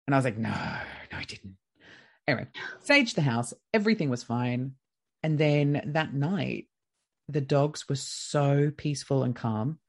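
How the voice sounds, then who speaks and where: Animated Australian woman telling a story. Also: very deep voice. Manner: lively, acts out quoted dialogue. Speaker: podcast guest. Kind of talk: casual storytelling.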